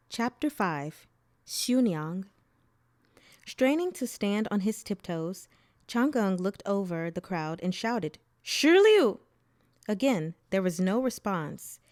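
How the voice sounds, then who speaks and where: A woman reading a novel aloud as narrator, in a plain, steady storytelling manner. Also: mid-range voice, dry recording. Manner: plain steady narration, voices dialogue briefly. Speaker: audiobook reader.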